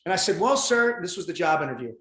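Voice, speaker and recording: A man guest on a podcast, telling his story in casual conversation, intense and animated, swearing freely. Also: a little high, rapid-fire, a little hiss or hum. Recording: roomy echo.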